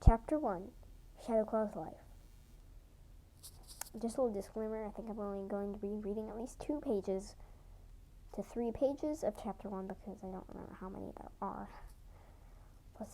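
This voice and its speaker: A young woman reading her own fan story aloud, halting now and then to correct herself. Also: mid-range voice, dark tone, a little hiss or hum, low-quality recording. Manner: halting amateur reading with restarts. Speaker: fan audiobook reader.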